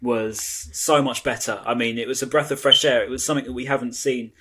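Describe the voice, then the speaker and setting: A man hosting a fan podcast, talking fast with a husky edge to his voice. His questions ramble on with eager fan enthusiasm. The delivery is casual and conversational. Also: mid-range voice, steady tone, fairly bright tone. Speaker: podcast host.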